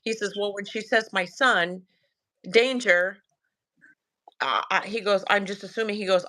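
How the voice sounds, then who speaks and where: A guest telling a sighting story in easygoing chat, this woman speaks with a Southern US accent in a medium-pitched voice, a little slow and with long pauses. She's animated, voices both her son and herself, and laughs often.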